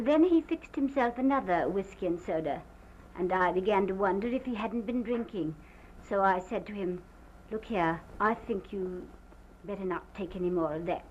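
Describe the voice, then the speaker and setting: An actress playing a distraught planter's wife who gives a halting, theatrical statement in an early sound film. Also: female voice, medium pitch, close to an everyday voice. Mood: tense. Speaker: witness giving a statement. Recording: muffled 1929 film sound with faint hiss.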